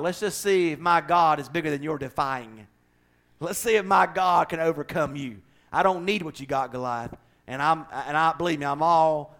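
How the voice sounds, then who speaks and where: A man preaching a sermon, swinging between loud, driving declarations and quiet conversational asides. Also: fairly high pitch.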